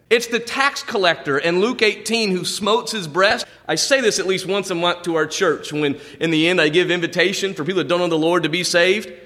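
A man's voice: fairly high pitch, fairly bright tone, big-room sound. A male pastor preaching a sermon, quoting scripture with dramatic swings in delivery. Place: church sanctuary.

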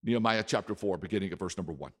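A pastor preaching a sermon, emphatic and repeating his key words, with volume that swings from soft to loud. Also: low voice, very fast. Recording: echoey hall reverb.

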